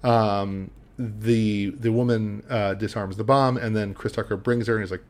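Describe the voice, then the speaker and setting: A man's voice: lowish voice, fairly even intonation, measured pace. A man co-hosting a podcast, recapping a film in casual chat and rambling with lots of ums. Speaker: podcast co-host.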